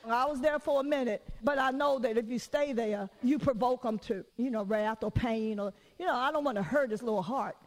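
A woman preacher giving a conversational sermon, telling stories in an animated way and acting out what people said. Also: a little high, fairly quick, few pauses, long reverb tail. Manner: animated storytelling with acted-out quotes.

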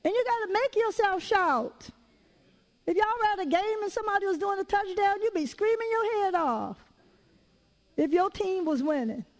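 A woman preaching a sermon, talking conversationally with lively stories and call-outs to the audience. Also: very high voice, poor audio.

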